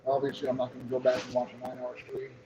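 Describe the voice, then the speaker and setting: Middle-aged man, rambling profane host, steady mid voice, loud background hiss. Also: mid-range voice, racing, roomy sound, dull audio. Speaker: livestream host. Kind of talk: casual chat. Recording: noisy background.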